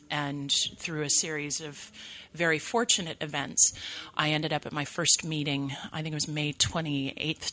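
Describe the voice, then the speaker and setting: A woman in her thirties from California gives a personal recovery testimony at a meeting. Her voice sits low but has a sharp, forceful edge. She is candid and full of self-deprecating humor.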